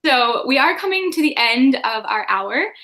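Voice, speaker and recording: Bright, chatty young woman hosting a livestream. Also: sits high, very animated, normal speed. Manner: chatty, laughing, many fillers. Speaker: livestream host. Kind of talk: casual book chat.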